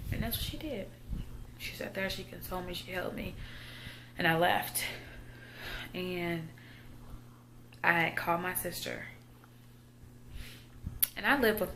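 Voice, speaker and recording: A Southern woman in her thirties talks in a personal vlog, her voice on the lower side. She speaks quietly and haltingly, often trailing off mid-thought. A faint noise sits under the recording. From Texas. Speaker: vlogger.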